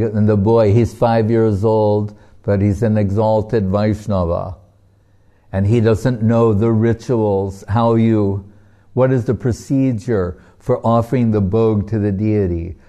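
A man giving a devotional sermon, telling a sacred story in an unhurried, storytelling way and chuckling often. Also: lowish voice, warm tone. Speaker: devotional speaker.

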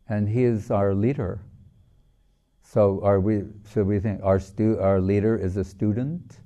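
An older man giving a slow, reflective devotional talk as a spiritual teacher, opening with chanted prayers. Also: lowish voice, fairly even intonation, dark tone. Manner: slow and reflective, with long pauses.

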